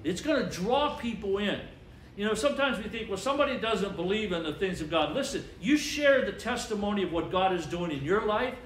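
Pastor, man, high voice, emphatic call-and-response preaching, roomy church sound. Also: fairly bright tone, slight background noise. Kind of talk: sermon. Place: church sanctuary. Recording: echoey church with faint ambience.

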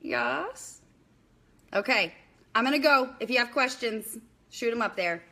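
A woman's voice: on the high side, animated, unhurried, creaky, bright, forceful tone. A young woman hosting a casual live-stream bingo game, chatty and scattered, talking to viewers by name.

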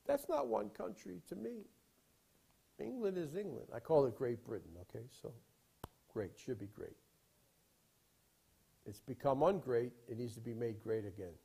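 A man preaching in a rambling storytelling style, emphatic, with sudden swings from loud to quiet. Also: medium pitch, sing-song, normal speed, gravelly, pauses often, breathy edge. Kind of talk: sermon storytelling.

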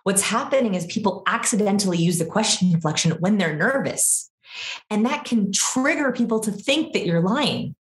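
Animated woman explaining, echoey room. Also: medium pitch. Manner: animated, quick, acts out vocal examples. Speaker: guest expert on body language. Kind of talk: energetic interview explanation.

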